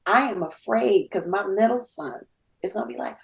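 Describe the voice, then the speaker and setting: A woman in her fifties, a podcast guest, telling a story in a lively, laughing way and acting out the dialogue. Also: mid-range voice, moderate pace, vocal fry, low-quality recording. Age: 50s. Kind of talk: casual storytelling.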